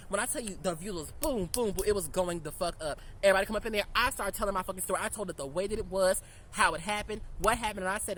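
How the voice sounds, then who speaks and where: A man's voice: sits high, quick pace, rough recording. Young male vlogger, sassy profane rant with a faint hum behind. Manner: profane, sassy, animated storytelling. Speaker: storytime vlogger. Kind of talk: casual storytime rant.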